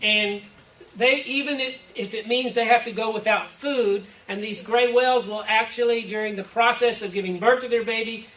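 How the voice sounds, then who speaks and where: Her voice a little high, steady and a bit bright, a woman preaches at a moderate pace in a church hall. The sermon is reflective and conversational, ticking through examples one at a time, and the distant mic picks up roomy echo and faint ambience.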